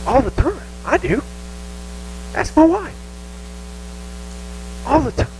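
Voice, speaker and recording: High-voiced Southern youth preacher. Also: male voice, slow, slight background noise, low-quality recording. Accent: Southern American. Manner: animated, self-mocking, acts out whiny voices. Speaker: youth pastor. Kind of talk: casual youth sermon. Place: church youth room.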